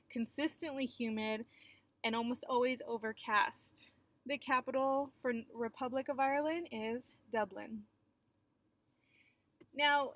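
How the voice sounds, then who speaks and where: A woman's voice: fairly high pitch, a bit bright, dry recording. A young adult woman teacher giving a recorded geography lecture in a chatty, explanatory way with frequent filler sounds.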